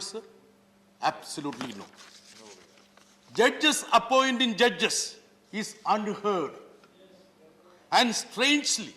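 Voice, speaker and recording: High, bright-voiced parliamentarian. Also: male voice. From Kerala, India. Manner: emphatic and rhetorical, stressing words and asking pointed questions. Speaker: member of parliament. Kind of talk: parliamentary floor speech. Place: large parliament chamber. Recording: reverberant legislative chamber.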